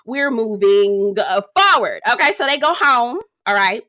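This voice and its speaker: Brief: young woman, bright and slightly high voice, sassy profane recap host. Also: big pitch swings, a little slow. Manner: sassy, profane, dramatic asides. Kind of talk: casual recap commentary.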